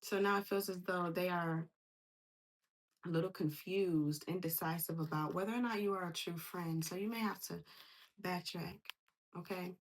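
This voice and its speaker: A woman with a husky, slightly low voice gives a casual tarot reading. She speaks in an animated, slangy way. She keeps acting out the voices of the people she quotes. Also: normal speed. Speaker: tarot reader.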